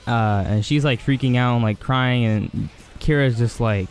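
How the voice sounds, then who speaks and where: An enthusiastic man rambles through an anime episode recap, stacking fillers as he goes. His voice sits at an ordinary middle pitch. Soft music plays faintly in the background. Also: measured pace. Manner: rambling and excited, heavy on fillers. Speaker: anime reviewer.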